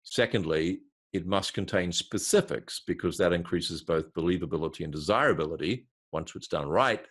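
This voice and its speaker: Low deep-voiced guy, marketing consultant, walking through an example like a story. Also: normal speed, husky. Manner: lively storyteller, builds examples step by step.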